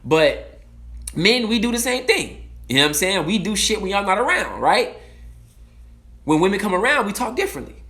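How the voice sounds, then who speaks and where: A man giving an impassioned, profane talk, blunt and emphatic, swinging from loud outbursts to low, slow asides. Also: big pitch swings. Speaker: speaker giving a timed talk. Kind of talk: impassioned monologue.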